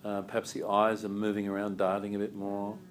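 A man teaching a yoga class, calm and asking the group questions. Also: lowish voice, a little fast.

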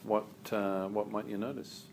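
A man teaching a yoga class, calm and asking the group questions. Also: fairly low pitch, moderate pace, slight background noise.

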